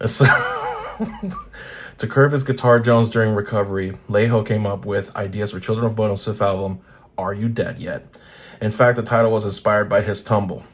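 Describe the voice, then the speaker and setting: A man's voice: fairly low pitch, normal speed. A man hosting a guitar channel, reading old magazines aloud in casual commentary, blunt and profane, laughing often.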